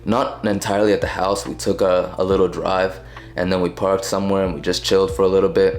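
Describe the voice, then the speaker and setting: Emphatic young man with low voice. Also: little pitch movement, fast. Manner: direct, emphatic, addresses viewer as bro. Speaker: self-improvement vlogger. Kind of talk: casual storytelling, advice to viewers. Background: faint guitar music.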